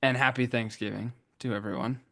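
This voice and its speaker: A man's voice: medium pitch, fairly even intonation, fairly quick, gravelly, bright, forceful tone. A young man co-hosting a podcast in casual, joking chat. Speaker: podcast co-host.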